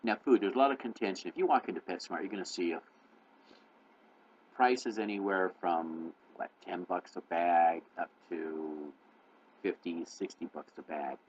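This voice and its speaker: A man hosting his own channel, giving casual, rambling cat-care advice full of fillers and restarts, talking fast on purpose. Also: low voice, darkish tone, lo-fi sound, slight background noise.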